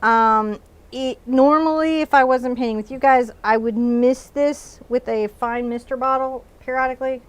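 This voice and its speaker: Woman, Texan accent, painting instructor, slightly high voice, chatty, narrates each step. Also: fairly even intonation, normal speed, clean tone. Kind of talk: live painting lesson. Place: art studio.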